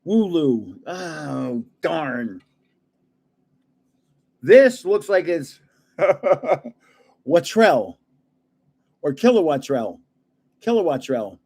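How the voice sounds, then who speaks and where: This is an older man hosting a card-collecting stream, chuckling at his own guesses about card names as he chats through pack openings. His slightly high voice is gravelly, dark and a bit rough, moving very slowly in a sing-song way with frequent pauses.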